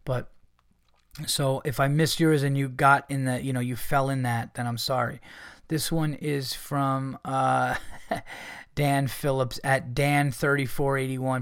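A man's voice: mid-range voice, level tone, a little slow, clear, resonant tone, no room sound, studio quality. A man hosting a podcast, rambling casually with lots of swearing, fillers and restarts. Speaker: podcast host.

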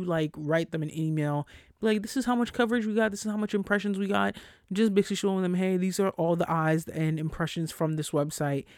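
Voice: creaky, dry recording. Exasperated, profane podcast host in a dry room. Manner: profane, exasperated, animated storytelling; slips into mocking high voices for quotes. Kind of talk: casual solo rant.

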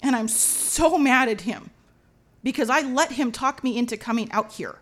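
Animated woman telling a dramatic story. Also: on the high side, normal speed. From Los Angeles, USA. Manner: animated, dramatic, sprinkles Spanish slang. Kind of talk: personal storytelling monologue.

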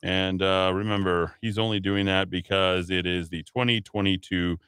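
A man's voice: low-pitched, steady tone, moderate pace, a bit bright, clear, resonant tone, dry recording. A man hosting a talk radio show, riffing on the news with sarcastic, mocking asides into a studio mic.

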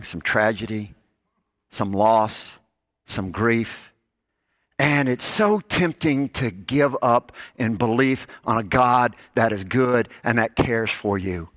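Soft-spoken preacher, dry sound. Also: male voice, no echo. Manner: storytelling, drops to soft low tones on key lines. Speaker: pastor. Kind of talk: sermon.

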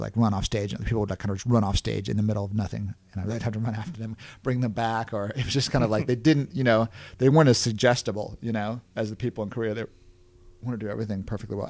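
A man, a clown performer and podcast guest, telling stories in a casual interview. He rambles with many restarts and chuckles. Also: a little mellow. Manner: acts out other people's panicked lines in a higher voice.

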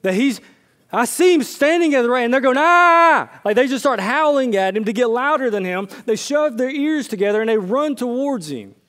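Preaching at a fairly quick clip, this male pastor keeps things conversational, alternating hushed, low-voiced asides with loud bursts of excitement and slipping in anecdotes from his own life.

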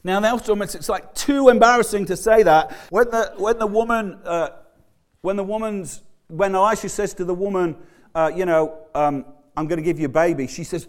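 Male pastor, conversational sermon delivery, animated and halting, mid-high voice. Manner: conversational, animated, stammering restarts.

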